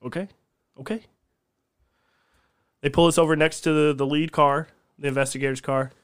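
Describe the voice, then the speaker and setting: A man's voice: fairly high pitch, little pitch movement, fast, clean tone. Profane man telling a story. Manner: rambling, profane and laughing as he tells stories. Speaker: guest. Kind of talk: casual storytelling on a podcast.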